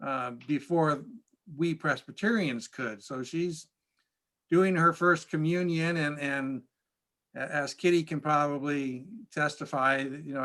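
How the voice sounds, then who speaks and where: Man, pastor, casual class storytelling, halting restarts, bright tone. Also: on the high side. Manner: chatty, halting with many restarts. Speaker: pastor teaching a church class.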